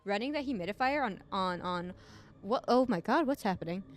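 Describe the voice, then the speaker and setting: Speaking fairly quickly in an expressive, mid-range voice over soft background music, the congested streamer chats and rambles to her viewers while casually commenting on her gameplay.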